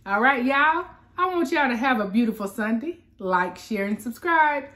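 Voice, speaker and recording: A woman's voice: fairly high pitch, moderate pace. Chatty woman hosting an eating show. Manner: relaxed and chatty, talks straight to viewers. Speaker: mukbang host. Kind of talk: casual eating-show chat. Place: indoors in a home man cave.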